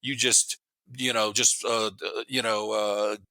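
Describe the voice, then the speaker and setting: A man in his fifties, a podcast guest, telling rambling, animated stories in casual chat, swearing freely and laughing as he goes. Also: on the low side, slow pace, dry recording. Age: 50s. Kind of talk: casual storytelling.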